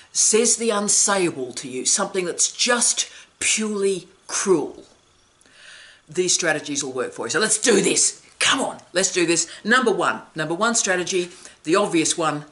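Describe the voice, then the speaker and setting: A woman's voice: fairly low pitch, fairly bright tone. A middle-aged woman academic hosting an advice vlog, telling stories emphatically with wry, dry asides.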